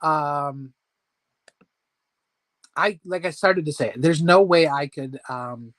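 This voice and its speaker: Male host, casual home livestream chat, slightly high voice, rambling and self-deprecating, dry close sound. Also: slow pace, fairly bright tone, dry recording. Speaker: host of a weight-loss support chat.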